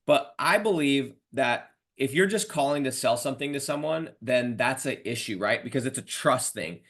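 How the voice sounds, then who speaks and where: A male podcast host on a video call chats with his guest in an animated, slangy manner. He has a mid-range voice. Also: medium pitch, normal speed. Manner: animated, slangy, addresses guest as dude and bro. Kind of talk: casual podcast interview.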